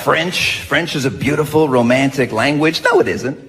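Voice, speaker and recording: A man doing stand-up in a mocking way, with quick impressions. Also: medium pitch, a bit bright, in a large hall. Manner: mocking, does accent impressions. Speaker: stand-up comic. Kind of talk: stand-up routine.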